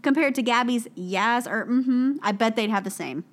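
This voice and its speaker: A young woman co-hosting a podcast in casual chat, animated and giggly, acting out silly quotes. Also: fairly high pitch, moderate pace. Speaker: podcast co-host.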